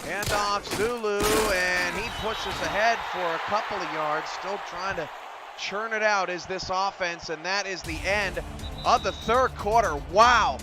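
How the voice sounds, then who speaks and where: A man calls the game play by play in a high voice. He swells to loud bursts on the big plays, and music plays under him the whole time. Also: a little slow. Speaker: play-by-play commentator. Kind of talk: sports commentary.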